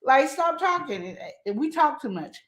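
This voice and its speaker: Animated woman giving relationship advice. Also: high-pitched, unhurried. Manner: emphatic, animated, acts out quoted voices. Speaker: host. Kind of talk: relationship advice talk show. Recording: echoey room.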